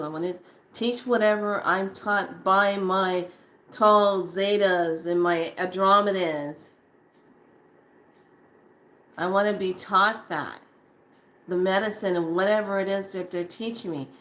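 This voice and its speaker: A woman talks straight to her viewers in a casual spiritual monologue, her voice bright and clear at a middle pitch. She is animated, and she slips into acted-out snippets of her own past reactions. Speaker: spiritual speaker.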